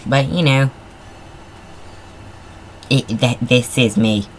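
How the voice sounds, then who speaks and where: At medium pitch and a slow pace, with a little hiss or hum audible, the man keeps up his casual commentary on the car design game, chatty and rambling with self-deprecating asides.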